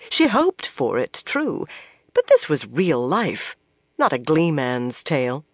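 Measured audiobook narrator, dry sound. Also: medium pitch, sing-song, no room sound. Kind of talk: scripted narration.

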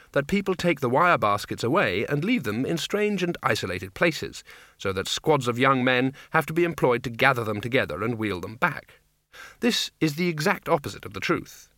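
A man reading a comic fantasy novel aloud in a wry, expressive narration. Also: medium pitch, moderate pace, dry recording, clean studio sound. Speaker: audiobook narrator. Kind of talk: scripted storybook narration.

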